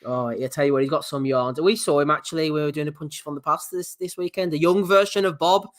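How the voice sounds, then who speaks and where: A man's voice: fairly high pitch, fairly even intonation, fast. A man from Britain co-hosting a podcast, laughing often as he reads out tweets in casual banter. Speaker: podcast co-host. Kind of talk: casual banter about boxing.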